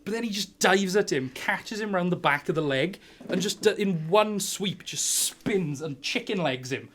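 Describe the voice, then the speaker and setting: GM narrating, bright voice, upbeat, keeps laughing mid-story. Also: male voice, high-pitched, normal speed, slight background noise. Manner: animated, laughing often, many fillers. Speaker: game master. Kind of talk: narrating a tabletop game.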